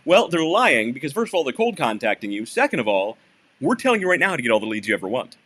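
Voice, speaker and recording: A man co-hosts a casual podcast, explaining things and cracking jokes. His voice is bright and forceful, and his pitch moves around a lot. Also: sing-song, fast. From Michigan. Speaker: podcast co-host.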